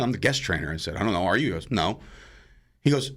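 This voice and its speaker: A man from New Jersey, a podcast guest and wrestling commentator, telling animated stories and acting out quotes with plenty of swearing. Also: low-pitched, quick pace, slightly rough. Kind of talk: casual storytelling chat.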